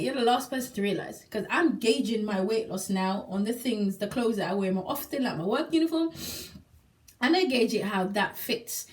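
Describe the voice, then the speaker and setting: Higher-voiced woman, emphatic testimonial. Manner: emphatic, repeats words for effect, laughs now and then. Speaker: single mother sharing a product testimonial. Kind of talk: personal testimonial vlog. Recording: voice a little distant from the mic.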